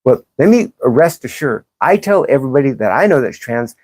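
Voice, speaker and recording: A woman's voice: rumbling low, big pitch swings, fairly quick, a little mellow, slightly rough, no room sound. A woman hosting a livestream, reading chat comments and answering them in a blunt, profane, sarcastic way. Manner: combative, sarcastic, calls out commenters. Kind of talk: live-stream commentary.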